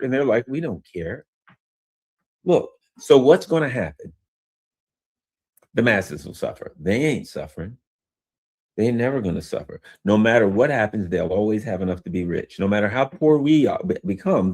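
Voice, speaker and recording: A man hosts a solo political commentary stream, ranting in a heated, emphatic way while stumbling and restarting often. He sounds tired and yawns. His voice is husky and on the low side.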